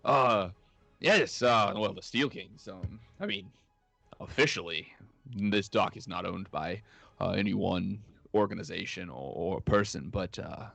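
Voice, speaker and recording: A man's voice: deep voice, unhurried, creaky, fairly bright tone, no room sound, faint music behind, heavily acted. A man voicing a nervous, fawning male dockhand who stammers and hesitates constantly. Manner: stammering, fussy, full of hesitations.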